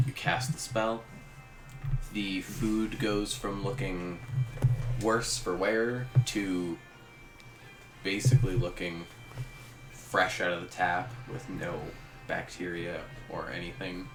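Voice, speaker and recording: Low-voiced, slow game master. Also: male voice, steady tone. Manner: unhurried descriptive narration with fillers. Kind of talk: narrating a tabletop game. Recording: roomy room with music. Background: ambient guitar music.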